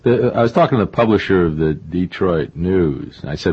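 Older man, novelist guest, rambling, self-deprecating, low voice, husky. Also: expressive, normal speed, hardly any pauses. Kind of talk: conversational interview. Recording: dull lo-fi radio recording.

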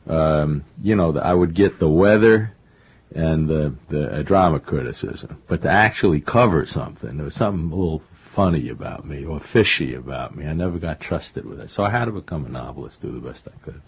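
A man's voice: a bass voice, animated, a little fast, gravelly, breathy edge. An older man, a novelist guest in an interview, talking in a rambling, self-deprecating way with many fillers and restarts. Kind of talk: conversational interview. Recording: dull lo-fi radio recording.

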